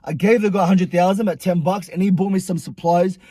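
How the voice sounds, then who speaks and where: Husky, high-voiced young man telling a story. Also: quick pace, dry recording. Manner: animated, profane, slangy storytelling. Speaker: vlogger. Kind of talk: storytime vlog.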